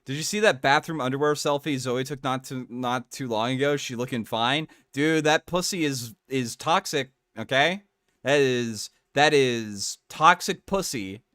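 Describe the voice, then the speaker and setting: A man's voice: mid-range voice, normal speed, fairly bright tone, dry recording, studio quality. A man doing casual reaction commentary, interrupting with crude, rambling and mocking remarks. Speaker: streamer commentator.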